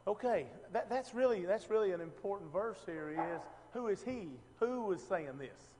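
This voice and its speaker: High-voiced man teaching scripture casually. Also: expressive, normal speed, long reverb tail, background noise. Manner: conversational, asks the room questions, many restarts. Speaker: preacher.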